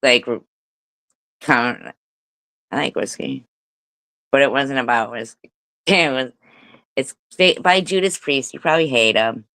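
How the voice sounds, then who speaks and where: A woman's voice: very deep voice, a little slow, long pauses, fairly bright tone, dry recording. A woman hosting a casual live stream, giggling often, swearing freely and breaking into playful bits of song. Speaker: livestream host.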